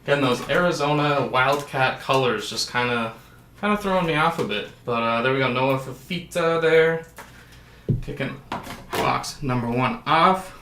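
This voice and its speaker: A man's voice: mid-range voice, moderate pace, sharp tone, roomy sound, a little hiss or hum. A man hosting a sports card break, calling out each card and adding jokey asides. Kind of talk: casual card-opening commentary.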